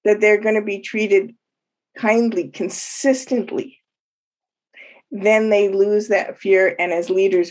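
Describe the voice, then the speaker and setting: A woman co-presenting a webinar, speaking in a measured way and stressing points one by one. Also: medium pitch, fairly even intonation, darkish tone. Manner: measured, list-like emphasis.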